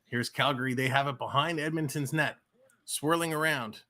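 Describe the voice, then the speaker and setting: A man doing excited, chatty live play-by-play of a hockey game from home, with a TV behind him. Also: medium pitch, normal speed. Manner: excited, chatty, laughs at mishaps. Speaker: play-by-play streamer. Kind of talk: amateur live play-by-play commentary.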